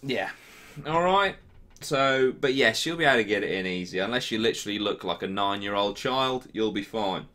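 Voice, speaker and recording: An English man in his twenties with a bright, edgy tone, talking casually and ranting about whatever bugs him. He swears freely and gets heated fast as he answers viewer questions. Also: on the low side, expressive. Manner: ranty, sweary, quick to get heated. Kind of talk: casual Q&A chat.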